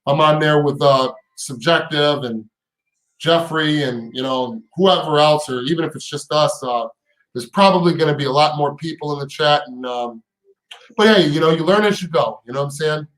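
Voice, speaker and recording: A man's voice: fairly high pitch, normal speed, fairly bright tone, reverberant, low-quality recording. Fired-up man ranting on a live stream. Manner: heated, profane, repeats words and restarts; rhetorical questions in rising bursts. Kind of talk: casual live stream chat.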